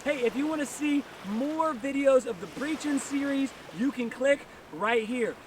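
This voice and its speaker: A male pastor giving an energetic outdoor sermon on a beach, full of rhetorical questions. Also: extremely high pitch, moderate pace. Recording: distant mic with clear surf noise.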